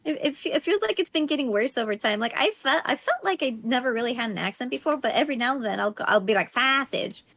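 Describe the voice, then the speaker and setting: A woman's voice: high voice, animated, fast, hardly any pauses, dry recording. A woman guest in a casual chat, hesitant and giggly, often trailing off mid-sentence. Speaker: streamer guest.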